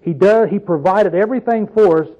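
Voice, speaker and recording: A man's voice: high voice, fairly quick, warm tone, lo-fi sound. A man preaching an informal Bible teaching, conversational, often asking his listeners questions and telling folksy stories. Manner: conversational, asks the audience questions, tells folksy asides.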